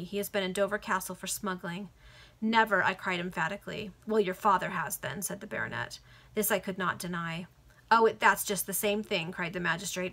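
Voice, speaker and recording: A woman's voice: mid-range voice, creaky, bright, forceful tone. A woman earnestly reading a Victorian novel aloud to friends over a video call, now and then correcting a slip. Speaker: reader.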